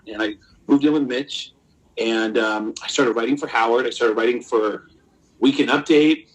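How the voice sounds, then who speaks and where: Male comedian-impressionist, mid-pitched, lively storyteller, salty language. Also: moderate pace, low-quality recording. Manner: animated, swearing, jumps into quoted voices. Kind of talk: casual storytelling.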